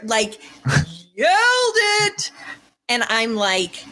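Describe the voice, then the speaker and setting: A woman, telling stories in a casual podcast chat, animated and quick to laugh. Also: medium pitch. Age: 40s. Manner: animated storyteller, laughs often. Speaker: podcast co-host.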